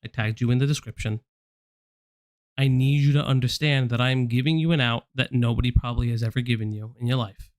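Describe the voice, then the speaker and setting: A man's voice: medium pitch, quick pace, darkish tone, no echo, studio quality. A man hosting a live stream, speaking bluntly and confrontationally to someone he addresses directly. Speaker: stream host. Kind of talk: casual live-stream commentary.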